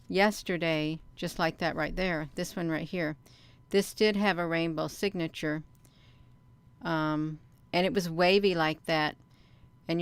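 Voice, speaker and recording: A woman vlogger giving casual commentary on her own video, rambling and halting with many fillers and restarts, and talking straight to her viewers. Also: lowish voice, fairly bright tone, smooth, no echo. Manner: talks straight to viewers as "you all". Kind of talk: casual commentary while showing her own sky footage.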